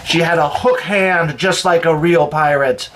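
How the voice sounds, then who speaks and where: A man calmly and expressively reading a children's story aloud as storyteller. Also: a little high, a little slow, slight background noise. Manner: calm, expressive read-aloud.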